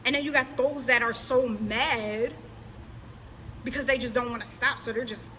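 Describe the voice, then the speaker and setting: Woman, religious vlogger, mocking scolding rant, bright forceful voice, slightly high. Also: fairly even intonation, moderate pace, a little hiss or hum, low-quality recording. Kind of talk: direct-to-camera rant.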